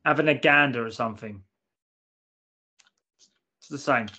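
A man's voice: medium pitch, unhurried, pushed and bright, breathy edge. A man trading casual banter on a podcast, blunt and profane, circling back over his own words. The audio is a little dull and lo-fi. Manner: blunt, sweary, repeats himself.

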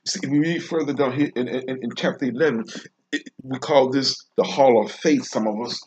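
A man delivering an informal devotional sermon, slow and emphatic, repeating phrases with long pauses. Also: mid-range voice, darkish tone, dull audio. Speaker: preacher.

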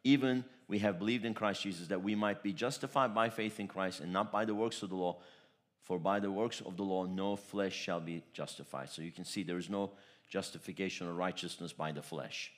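Low-voiced man preaching emphatically. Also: fairly even intonation, a little fast. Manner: emphatic, swings between loud declarations and soft asides; storytelling with repeated phrases. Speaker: pastor. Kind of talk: sermon.

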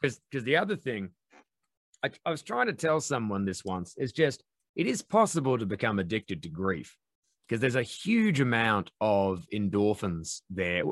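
A man's voice: lowish voice, sing-song, moderate pace, dry recording, studio quality. A man in casual chat, swearing freely and acting out quotes in mock voices.

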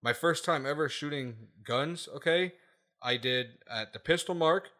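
A man's voice: fairly high pitch, measured pace, pushed and bright. A man hosting a casual podcast, ranting emphatically with lots of swearing and repeated "okay?" checks. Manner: profane, laughs at his own points.

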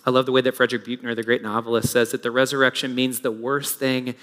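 A middle-aged man preaching a sermon as pastor, moving between hushed reflective passages and rising, urgent exhortation. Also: mid-range voice, little pitch movement, fast. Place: church sanctuary. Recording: long reverb of a large hall.

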